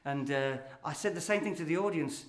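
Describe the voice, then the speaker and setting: A man's voice: a little high, a little fast. An older man from England with a Midlands accent, telling a chatty story and then reciting a rhyming comic poem to a live audience. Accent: English Midlands. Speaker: poet performer. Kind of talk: comic poetry performance. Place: small hall before a live audience. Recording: roomy hall sound.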